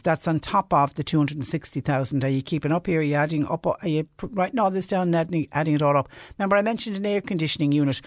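Irish man, radio phone-in host, chatty and indignant, rhetorical questions, slightly raised pitch, dry studio sound. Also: no room sound. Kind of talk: radio talk show monologue.

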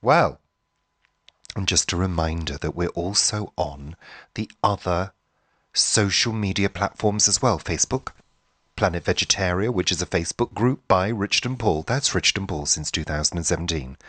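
A middle-aged man with a very low, deep voice co-hosts a podcast in loose, casual chat. He teases his partner with dry, mock-grumpy banter. The sound is close and dry. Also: normal speed, fairly bright tone, dry recording. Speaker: podcast co-host.

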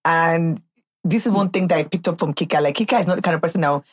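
A woman's voice: fairly low pitch, fast talker, slightly rough. A woman in her thirties hosting a podcast, chatting casually with a friend in a teasing, playful way. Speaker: podcast host. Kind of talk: casual chat.

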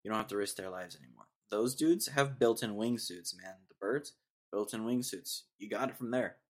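A man's voice: on the low side, moderate pace. Young male podcast host, casual rambling solo talk, easygoing. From Texas. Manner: rambling, laid-back, says dude a lot.

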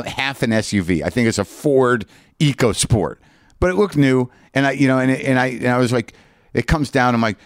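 Man, podcast host, comic storytelling monologue, profane, self-mocking, mid pitch, dry close sound. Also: no echo. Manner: animated, profane, self-mocking, lots of restarts.

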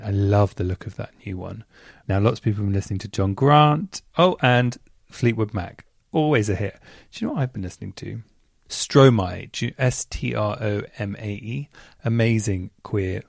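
A man's voice: lowish voice, vocal fry, a little mellow, no echo, clean studio sound. A man hosting a podcast, chatting and gushing enthusiastically while reading out listener messages. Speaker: podcast host.

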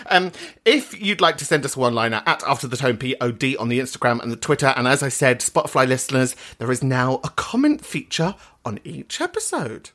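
A woman's voice: low voice, sing-song, normal speed, a bit bright. A woman hosting a podcast, chatting casually, swearing and laughing as she talks. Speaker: podcast host. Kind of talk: casual chat.

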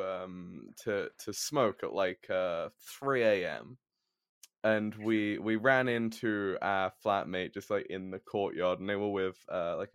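A man's voice: fairly low pitch, dry recording, clean studio sound. Rambling casual podcast guy. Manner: rambling, many fillers and restarts. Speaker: podcast co-host. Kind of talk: casual chat. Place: shared student flat.

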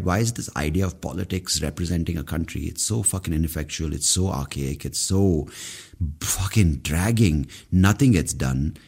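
Very deep-voiced man ranting. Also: darkish tone, husky. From India. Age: 30s. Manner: profane, exasperated, ranting. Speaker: podcast host. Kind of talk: solo podcast rant.

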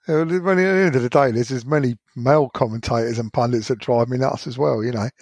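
A man on a casual podcast panel, speaking in a measured, slightly hesitant way. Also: medium pitch, a little mellow, no echo. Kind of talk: casual chat.

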